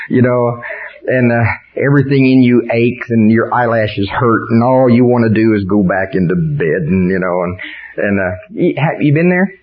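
A man's voice: mid-range voice, moderate pace. An older man preaching a sermon in a folksy storytelling way that rises into fervent preaching. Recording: dull lo-fi sound.

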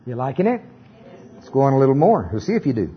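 Husky preacher man leading responses. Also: mid-range voice, fast talker, highs cut off. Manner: animated, joking asides, leads congregation in repetition. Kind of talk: sermon with call-and-response.

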